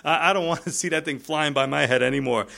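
A man's voice: fairly high pitch, fast talker, vocal fry. A man voicing a young male warrior in bold, casual modern words while retelling a story. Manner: plainspoken, excited modern paraphrase.

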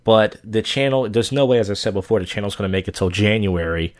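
A man's voice: lowish voice, fast talker. A young man hosting a casual solo podcast, rambling and venting bitterly with plenty of swearing. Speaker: podcast host.

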